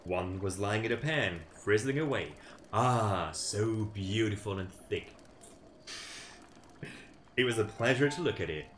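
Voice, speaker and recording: A man's voice: lowish voice, expressive, measured pace, long pauses, a bit bright, slight background noise. A young man reading a folk tale aloud on a stream, with playful, sarcastic asides. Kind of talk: casual storytime read-aloud with joking asides. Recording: roomy echo with faint ambience.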